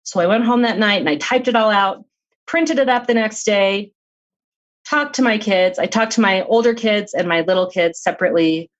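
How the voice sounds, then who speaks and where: A middle-aged woman talks as a guest on an interview podcast, recounting a personal story in an earnest, open manner. Her pitch sits in the usual middle range for a woman, and she often breaks into light laughs. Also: moderate pace, lo-fi sound. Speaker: author and guest.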